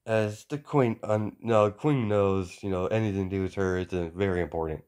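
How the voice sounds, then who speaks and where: A man's voice: deep voice, normal speed, hardly any pauses, darkish tone, clean tone. A man improvising a fan story, hesitant and rambling, chaining clauses with "as". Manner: hesitant, many fillers and restarts, chains clauses with "as".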